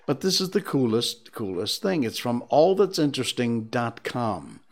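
A man hosting a livestream in casual chat, reading odd stories aloud with spooky asides. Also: mid-range voice. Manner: slow, animated reader with spooky asides. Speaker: livestream host.

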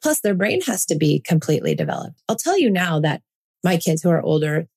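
A woman in her forties speaks in a slightly low voice as a podcast host. She is earnest and reassuring and drives her points home by repeating them. The talk is a calm monologue. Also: a little fast, gravelly, slightly rough. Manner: earnest, reassuring, emphatic repetition.

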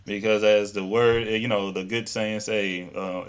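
Man, Southern accent, lowish voice, chatty podcast host, rambling with restarts. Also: fairly even intonation, measured pace, clean tone. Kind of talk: casual interview chat.

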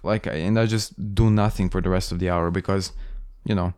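Croatian guy on a podcast, low voice, dry mic, blunt and sweary. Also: steady tone, normal speed, a little mellow, dry recording. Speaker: podcast co-host. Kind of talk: casual chat.

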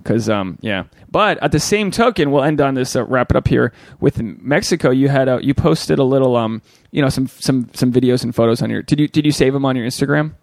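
A man's voice: mid-range voice, brisk, vocal fry, few pauses, dry recording, studio quality. A young man co-hosting a casual podcast, rambling and crude as he tells stories and acts out quoted lines. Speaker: podcast co-host.

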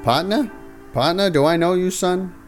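A man voicing a blustery, folksy veteran male cop, pitched above his own voice. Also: normal speed, soft background music, natural voice.

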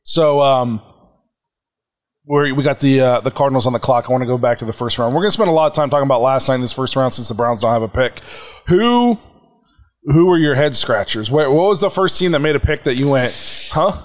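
A man's voice: mid-range voice, quick pace. A man hosting a sports podcast in a studio, arguing and laughing in casual chat. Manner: animated, argumentative, laughs often. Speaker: podcast host.

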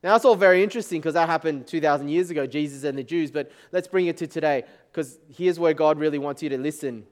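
A man's voice: a little high, fast talker, few pauses. A male pastor giving a sermon in a conversational style, asking the congregation frequent rhetorical questions. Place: church service.

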